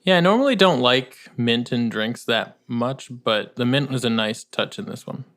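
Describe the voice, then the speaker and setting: A man's voice: mid-range voice, animated, moderate pace, fairly bright tone. A man co-hosting a podcast, easygoing and chatty, letting sentences trail off. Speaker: podcast co-host. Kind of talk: casual podcast chat.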